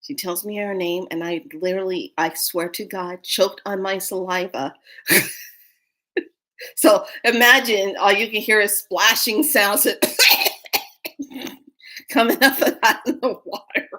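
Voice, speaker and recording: Speaking slowly with long pauses, this woman in her fifties has a mid-range voice, a steady tone, and a sharp edge. She's hosting a spiritual livestream, telling her live audience a casual story, playful and often laughing.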